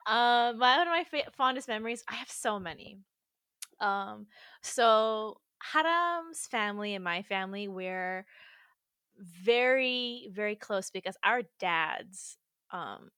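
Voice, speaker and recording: A woman from Korea co-hosts a podcast and shares memories in easygoing, joking chat. She speaks slowly in a mid-range voice. The recording is dry and close. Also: mid-range voice, lively intonation, pushed and bright, clear, resonant tone, no room sound. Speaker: podcast host. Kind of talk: casual chat, sharing memories.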